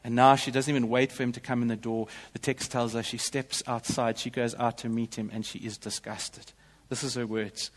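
A man's voice: medium pitch, little pitch movement, moderate pace, in a large hall. A male pastor delivering a sermon in a church, in an earnest, emphatic way.

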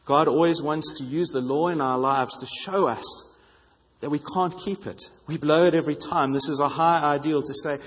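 A man delivers a sermon in a slightly raised, husky voice. He is earnest and hammers his points home through repetition. The sound carries the long reverb of a church hall. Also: on the high side, fairly even intonation, normal speed, a bit bright. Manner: earnest, repeats phrases for emphasis. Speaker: preacher.

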